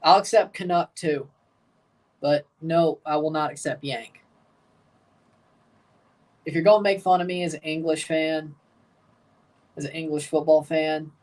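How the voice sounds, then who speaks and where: A man's voice: fairly high pitch, steady tone, normal speed, long pauses, darkish tone, distant mic. A man with a Southern American accent hosting a livestream soccer watchalong, chatting casually in a rambling, folksy, emphatic way. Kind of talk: casual live match reaction.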